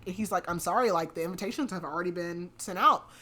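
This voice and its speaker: A woman's voice: lowish voice, a little fast. Chatty woman recapping a romance novel. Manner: animated retelling with lots of "like", half-acting the quotes. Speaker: podcast host. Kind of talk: casual book recap.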